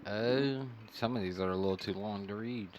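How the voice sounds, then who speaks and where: A man's voice: fairly low pitch, moderate pace, a little mellow, a little hiss or hum. A man co-hosting a casual podcast, reading trivia aloud in a laid-back way and swearing freely. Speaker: podcast co-host, son.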